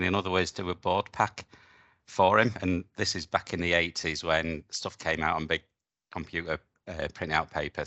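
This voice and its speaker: A man's voice: low-pitched, bright, forceful tone, dry recording. A middle-aged man hosting a podcast interview, chatting easily and telling a story of his own. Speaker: podcast host. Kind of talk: conversational interview.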